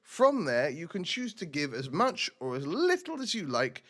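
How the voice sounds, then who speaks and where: A man's voice: fairly high pitch, wildly swooping pitch, normal speed, fairly bright tone. A man streaming a role-playing game, chatting casually and rambling with self-mocking asides.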